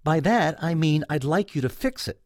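A man voicing his exasperated middle-aged wife, pitching his voice up and sounding insistent. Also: expressive, moderate pace, no room sound, clean studio sound, close to an everyday voice. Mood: matter-of-fact.

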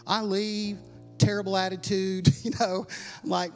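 A middle-aged man preaching in a high voice, telling his testimony with animated, self-mocking humor and repeated words. His voice rings with a long hall reverb. Faint music plays underneath. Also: a little slow. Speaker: pastor. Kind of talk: sermon testimony storytelling.

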